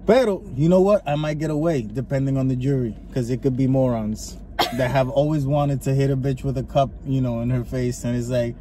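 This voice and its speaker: Man ranting in a car, swears a lot, mellow voice, faint road noise. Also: medium pitch, fairly quick. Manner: profane, ranting, animated storytelling. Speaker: podcast co-host. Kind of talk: casual chat. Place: inside a car.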